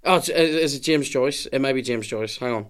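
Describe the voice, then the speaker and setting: A man chatting casually on a podcast, halting as he hunts for names, reading aloud and breaking into laughter. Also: mid-range voice, clean tone. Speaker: podcast co-host.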